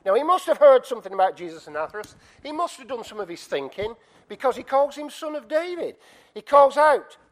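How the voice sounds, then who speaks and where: A man preaching a sermon and telling a story with animated asides to the congregation. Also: very high-pitched, quick pace.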